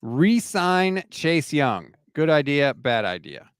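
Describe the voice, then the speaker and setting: A man co-hosting a casual sports talk stream, his voice sitting a little high and swinging widely as he laughs his way through points. He sounds close and dry, with no room around him. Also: slow, clean tone, no echo. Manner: animated, laughs often. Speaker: sports podcast co-host.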